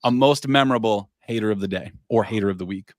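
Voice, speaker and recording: A man's voice: on the low side, quick pace, no echo. A podcast host, a man, interviewing his guest with eager enthusiasm. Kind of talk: casual interview chat.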